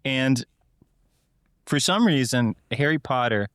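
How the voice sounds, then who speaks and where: A man's voice: medium pitch, lively intonation, takes it slowly, a bit bright, dry recording, studio quality. A young man co-hosting a casual podcast, chatty, laughing often and acting out quotes in exaggerated voices. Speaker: podcast co-host.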